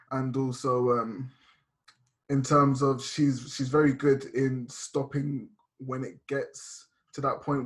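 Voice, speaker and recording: A young man guesting on a podcast, talking openly and reflectively about arguments with his girlfriend, with many restarts. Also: medium pitch. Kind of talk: casual podcast chat.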